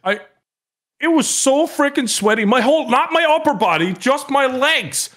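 A man's voice: extremely high pitch, expressive, normal speed, a bit bright. A man with an Irish accent, a podcast guest telling long rambling stories in casual chat and laughing as he goes. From Ireland.

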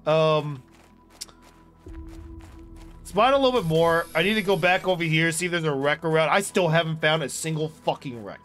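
A young man streaming a video game, rambling loudly to chat, swearing and bursting into yells. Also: on the high side, normal speed, long pauses, faint music behind. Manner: loud, rambling and profane, bursts into yelling. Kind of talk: casual live-stream chat while gaming.

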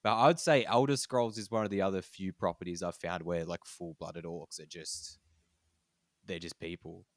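Podcast co-host, man, very low voice, rambly, lots of "like" restarts. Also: steady tone, no echo, clean studio sound. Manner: rambling, halting with repeated fillers. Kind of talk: casual chat.

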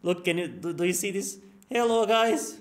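A man's voice: high voice, normal speed. A male streamer reacting to a horror game, crude and panicky, swearing and yelping at every scare.

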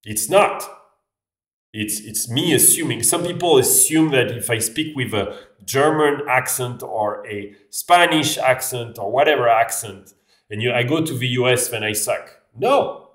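A man's voice: mid-range voice, a little slow, fairly bright tone. A man with a French accent, talking casually to camera in a rambling way, often restarting his sentences. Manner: rambling, restarts phrases, frequent "like". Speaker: vlogger. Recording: echoey room, voice a bit far off.

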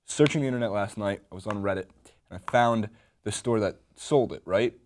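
A man's voice: fairly low pitch, brisk, slight background noise. A young man co-hosting a casual sports chat, rambling and poking fun at himself. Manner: rambling, self-mocking, laughs often. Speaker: sports show co-host.

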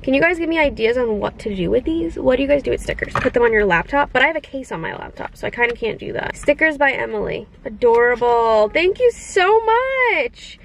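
A young woman in her twenties chatting casually to her viewers as she opens gifts, gushing and gasping with excitement. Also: on the high side, fast talker, vocal fry, hardly any pauses, slight background noise, poor audio. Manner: gushing, excitable, gasps often. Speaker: vlogger. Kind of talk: casual unboxing chat.

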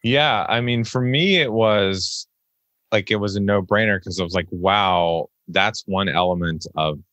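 Podcast host, man, thirties, very low voice, animated storyteller who acts out his own quotes. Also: moderate pace, dry recording. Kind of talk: casual interview conversation.

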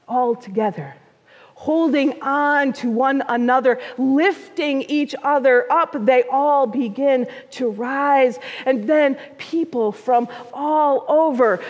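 A woman pastor tells a story from the pulpit in a high, slow, unhurried voice. She gives the quoted figures small voices of their own. The sound rings with the long reverb of a church sanctuary. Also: darkish tone. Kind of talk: storytelling sermon.

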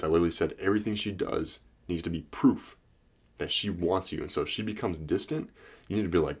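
Speaking directly to the camera as a dating coach, a man gives blunt, profane advice and slips into acted lines to drive his points home. His voice is deep with a breathy edge, and he talks fairly quickly.

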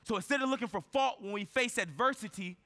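Male keynote speaker, high bright voice, storytelling style, lots of rhetorical questions. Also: fast. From United States. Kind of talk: motivational keynote speech. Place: large event hall on stage. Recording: reverberant conference hall.

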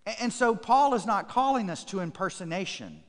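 A pastor with a somewhat high voice preaches to his congregation, stacking up repeated phrases for emphasis. His words ring out through a church sanctuary with a long, trailing reverb. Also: lively intonation, normal speed, a bit bright. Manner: emphatic, repetitive preaching cadence; reads scripture aloud to the congregation. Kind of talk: sermon.

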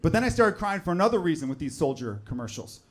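A man, working a comedy club stage into a handheld mic. His voice sits slightly high for a man, and his easy chat keeps bursting into shouted, over-the-top voices for the people in his stories. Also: very animated, quick pace. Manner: conversational, jumps into loud exaggerated voices for characters. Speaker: stand-up comedian. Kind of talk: stand-up comedy set.

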